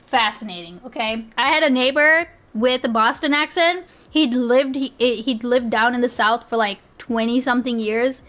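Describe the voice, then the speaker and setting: A woman's voice: high voice, a bit bright. A woman streamer chatting casually as she reacts to clips, thinking aloud and swearing freely.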